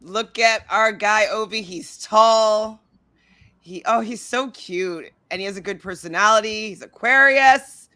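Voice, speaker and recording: A woman's voice: mid-range voice, fairly even intonation, a little slow, sharp tone, dry recording. A woman hosting a casual reality TV recap, chatty and giggly, talking to her live chat. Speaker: podcast host.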